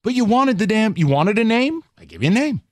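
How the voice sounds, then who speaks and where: A male sports talk radio host defending his pick, sarcastic and combative. His voice sits a little high and leaps around in pitch. The studio sound is dry and close. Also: brisk, no echo. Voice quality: sarcastic, animated, argumentative.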